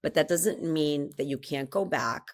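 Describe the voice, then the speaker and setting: A woman podcast guest, a mentor, chatting casually and telling stories with animated energy. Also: low voice, moderate pace. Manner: animated storytelling, chiming in. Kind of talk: casual conversation.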